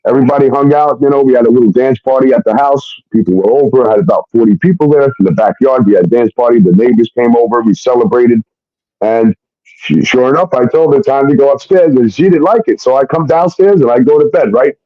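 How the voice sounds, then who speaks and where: A man's voice: medium pitch, fast talker, no echo. A man telling a personal story in a casual, rambling way, blunt and full of fillers and swearing. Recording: muffled dry recording.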